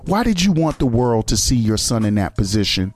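A man's voice: mid-range voice, very animated, a little fast, a little mellow. A man hosting a radio show who gives a blunt, profane commentary on a video clip and keeps firing rhetorical questions at the listeners.

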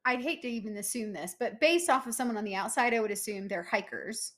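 A woman's voice: a little high, quick pace, a bit bright. A woman co-hosting a podcast, telling an emphatic story in casual chat with lots of filler words. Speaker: podcast co-host.

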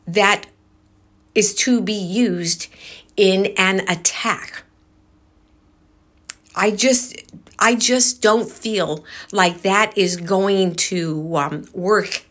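A woman vlogger slowly retelling a strange experience in a casual monologue, with many pauses and fillers. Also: medium pitch, a bit bright.

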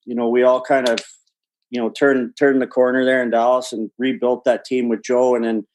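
A man's voice: medium pitch, little pitch movement, moderate pace, a little mellow, a little hiss or hum, rough recording. A man telling a rambling locker-room story with lots of swearing and laughter, speaking as an interview guest. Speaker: guest, former hockey player. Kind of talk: casual storytelling.

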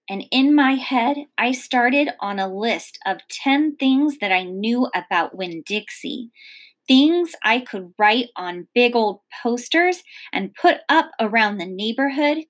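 A woman teacher reading a children's novel aloud in an expressive storybook manner. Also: on the high side.

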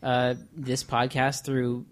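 A man's voice: medium pitch, completely flat delivery, slow. A man co-hosting a casual movie podcast, wry and easygoing. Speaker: podcast co-host. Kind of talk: casual chat.

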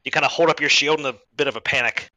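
A man acting as game master, narrating an online tabletop game in a lively way with quick restarts. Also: on the high side, no room sound, poor audio.

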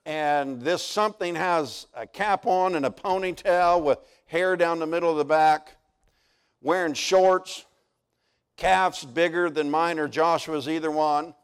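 High-voiced pastor telling stories. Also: male voice, measured pace, smooth. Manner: folksy and animated, building to near-shouts. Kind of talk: storytelling sermon.

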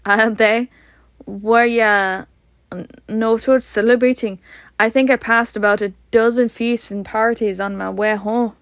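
Old male wizard, amused, soft and low for the reader, read by a woman, unhurried, dry close sound. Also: steady tone, dry recording.

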